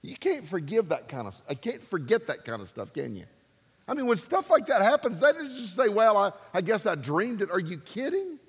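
A man preaching a sermon, emphatic and animated, swinging between loud and soft. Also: high voice, normal speed, slightly rough, long reverb tail. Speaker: pastor.

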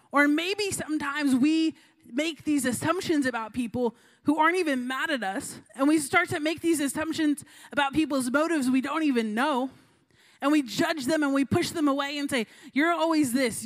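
A woman's voice: fairly high pitch, fairly bright tone. A young woman giving a casual storytelling sermon as a youth pastor, chatty, full of fillers, acting out voices in her stories.

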